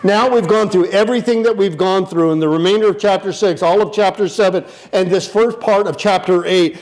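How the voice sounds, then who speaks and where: With a high voice and brisk pace, a male pastor acts out the disciples in goofy voices during a lively, playful, animated sermon.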